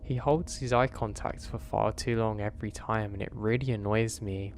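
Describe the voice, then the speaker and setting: A man, narrating a first-person horror story in a steady, earnest way. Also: lowish voice, moderate pace, slight background noise.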